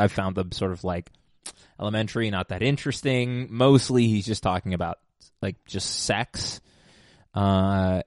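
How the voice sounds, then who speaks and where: A man's voice: on the low side, no echo, studio quality. Rambling man in a casual monologue. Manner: rambling, digressive, self-mocking, many fillers and restarts. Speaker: podcast host.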